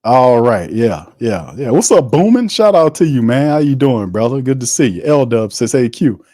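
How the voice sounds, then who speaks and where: A man calling the game live for his stream audience, excitable and loose, full of slang and quick laughs. His voice sits at an ordinary pitch, and the sound is dry and close. He moves between play-by-play and friendly chatter with viewers. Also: no echo. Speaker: watch party host.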